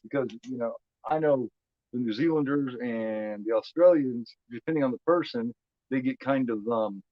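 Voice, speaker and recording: A man's voice: medium pitch, normal speed, dry recording, dull audio. A man from Indiana with a Midwestern American accent, hosting a movie watch-along stream in loose casual chat, rambling and repeating his words. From United States.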